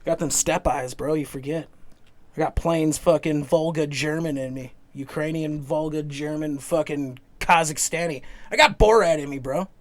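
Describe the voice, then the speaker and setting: A man's voice: a little high, moderate pace. Rambling, swearing Wisconsin guy. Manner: swears constantly, rambling and joking. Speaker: podcast co-host. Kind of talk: casual profane banter.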